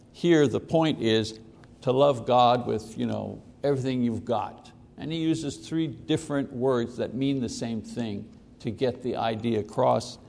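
A man's voice: medium pitch, creaky, darkish tone. A man teaching a Bible class, explaining step by step, repeating words for emphasis and checking in with his listeners. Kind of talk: classroom lecture. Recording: long reverb of a big room.

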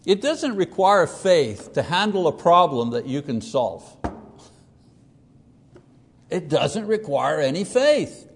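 A man with a somewhat high voice teaches through a psalm in an easy, conversational way. He lifts his voice to act out the people he quotes. The sound carries a long reverb, as in a large hall. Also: big pitch swings, takes it slowly, long pauses, husky. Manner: conversational, acts out quoted voices with rising pitch. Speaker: preacher teaching a Bible lesson. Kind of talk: expository Bible teaching.

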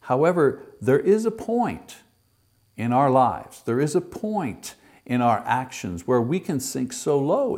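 A man's voice: mid-range voice, darkish tone. A man giving an earnest short sermon for an online video, stressing his points and letting his voice rise and fall. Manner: earnest, emphatic, rising and falling for effect. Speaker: preacher.

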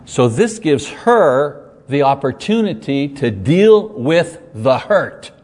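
A man's voice: medium pitch, very animated, takes it slowly, a little mellow. Man preaching in a long-echoing hall. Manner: earnest, conversational preaching with repetition. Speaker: pastor. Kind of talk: sermon.

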